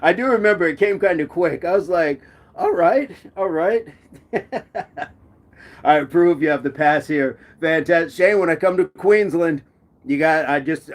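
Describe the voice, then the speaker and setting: Guy hosting a live chat, playful, laughs a lot, slightly high voice. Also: fairly even intonation, a little fast. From United States. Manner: playful, laughs often, repeats phrases. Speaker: live stream host. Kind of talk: casual live chat reading comments.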